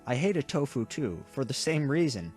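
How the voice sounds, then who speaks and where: A man reading a visual novel aloud with dramatic delivery and quick reactions. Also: mid-range voice, very animated, darkish tone, faint music behind. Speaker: game streamer.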